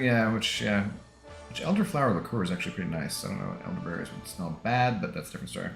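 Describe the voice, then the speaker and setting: Brief: American male gamer, rambling chatty streamer, lively voice, faint background music. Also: sits low, fast, gravelly. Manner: laughs often, rambling, self-deprecating. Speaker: gaming livestreamer. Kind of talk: casual chat with stream chat while gaming. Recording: echoey room with faint music.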